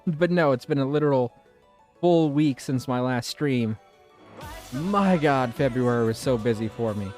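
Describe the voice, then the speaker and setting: A man chatting to his viewers while he plays a game. He wanders from thought to thought and pokes fun at himself, with plenty of casual swearing. His voice sits at an ordinary pitch for a man, with faint music underneath. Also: a little slow, long pauses, darkish tone. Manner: rambling, self-mocking and swearing freely. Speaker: game streamer. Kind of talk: casual let's-play commentary.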